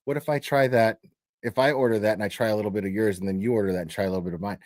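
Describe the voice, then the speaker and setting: A man's voice: fairly low pitch, very fast, darkish tone, no echo, clean studio sound. A man hosting a commentary show, delivering a crude, profane rant with emphatic repetition. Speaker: commentary host.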